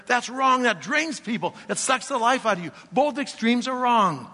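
A man's voice: very high-pitched, lively intonation, moderate pace, few pauses, pushed and bright. A man preaching a sermon as a pastor, talking directly and challenging the congregation with rhetorical questions, heard in a church sanctuary. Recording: long reverb of a church hall.

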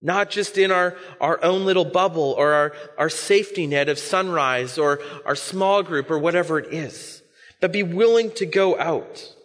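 A man's voice: fairly high pitch, normal speed, a bit bright, in a large hall. A man preaching as a pastor, telling a story in a conversational way with casual asides. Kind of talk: sermon.

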